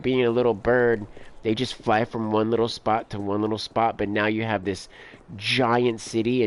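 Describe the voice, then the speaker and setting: A man's voice: mid-range voice, smooth. A man streaming a game, telling rambling stories between play, filler-heavy and casual. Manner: rambling storyteller, lots of "like" and "dude". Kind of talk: casual let's play commentary.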